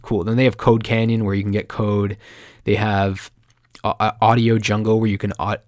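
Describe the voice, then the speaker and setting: A chatty man from Canada talks through a marketing tutorial with a somewhat low voice. He is excitable and jokes as he goes, and he acts out little quoted voices. The sound is dry and close, with no room around it. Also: normal speed, no echo. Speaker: marketing video host. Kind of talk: casual talking-head tutorial.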